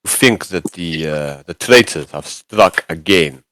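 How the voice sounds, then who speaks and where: A stiff, formal psychic aboard a starship, speaking in a put-on Russian accent as a man acts him out. The voice sits low and the sound is close and dry, with measured, careful phrasing. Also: expressive, pushed and bright, dry recording, exaggerated voice. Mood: solemn.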